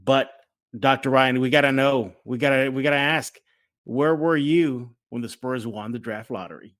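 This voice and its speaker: A man's voice: medium pitch, moderate pace, fairly bright tone. A man hosting a casual sports podcast, talking with energy and acting out fan reactions. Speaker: podcast host.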